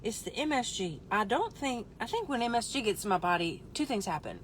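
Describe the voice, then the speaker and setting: A woman hosting a live stream, telling a comic story in an animated, exaggerated way with voiced asides. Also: fairly high pitch, fairly quick, slight background noise. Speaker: livestream host.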